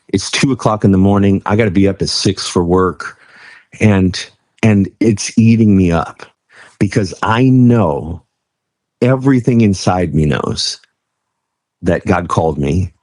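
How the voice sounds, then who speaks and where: Deep-voiced pastor telling his story. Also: darkish tone, dry recording. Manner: earnest, conversational storytelling. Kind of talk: personal testimony in an interview.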